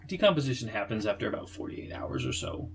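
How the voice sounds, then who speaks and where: Low-voiced man narrating as game master. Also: wildly swooping pitch, quick pace, vocal fry, a little hiss or hum, poor audio. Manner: descriptive, casual.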